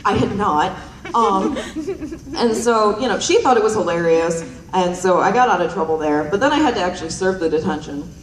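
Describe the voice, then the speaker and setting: Here the young comedian's lowish voice has lively intonation and moves at a normal speed as she tells self-mocking, meandering stories, giggling and saying um a lot. She holds a stage mic at a performance night, heard distantly through a roomy hall mic with slight background noise.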